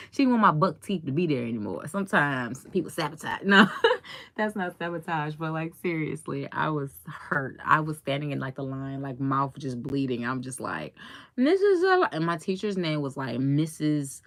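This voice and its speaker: A woman's voice: low voice, moderate pace, fairly bright tone, no room sound. A young woman life coach in casual chat with a live audience, chatty and laughing often as she tells stories.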